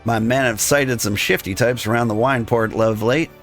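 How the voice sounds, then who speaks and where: A man reading a gruff male rogue guild thief who talks in conspiratorial thieves' slang. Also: mid-range voice, moderate pace, a bit bright, faint music behind, lightly acted. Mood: scheming.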